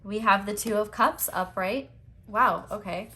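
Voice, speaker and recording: A woman's voice: mid-range voice, a little slow, sharp tone, slight background noise. A young woman giving a casual tarot card reading at home, chatty and giggly, with rambling asides. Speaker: tarot reader.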